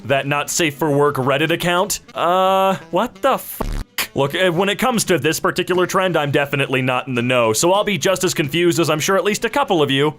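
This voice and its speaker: A man's voice: fairly high pitch, faint music behind. A man in his twenties giving casual, joking commentary on memes, jumping between voices for the characters. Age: 20s. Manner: animated, quick voice switches for meme characters. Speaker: meme reaction host.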